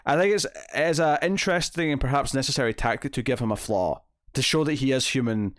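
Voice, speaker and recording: A man's voice: medium pitch, quick pace, no echo, clean studio sound. Rambling man talking comics. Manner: rambling, many fillers and restarts, acts out quotes. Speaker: podcast co-host. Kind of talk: casual comic book discussion.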